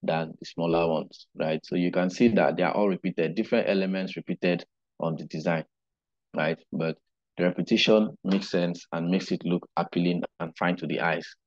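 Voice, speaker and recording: A man teaching a digital marketing class online, unhurried and explanatory, often checking in with "right?". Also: sits low, fairly even intonation, muffled recording. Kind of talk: live online class lecture.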